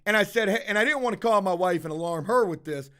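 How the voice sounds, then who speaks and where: A man's voice: high-pitched, quick pace, a bit bright, clear, resonant tone. A man telling a heated, profanity-heavy story in a casual monologue with lots of emphasis.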